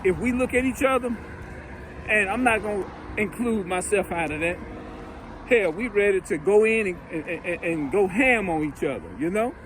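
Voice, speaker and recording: High-voiced man rambling casually outdoors. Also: background noise. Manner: rambling, conversational, acts out greetings. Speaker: religious commentator. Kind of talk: casual monologue.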